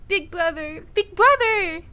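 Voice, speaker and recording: A woman's voice: extremely high pitch, animated, normal speed, fairly bright tone, pitched above the performer's own voice. Woman putting on a frightened little schoolgirl. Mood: panicked.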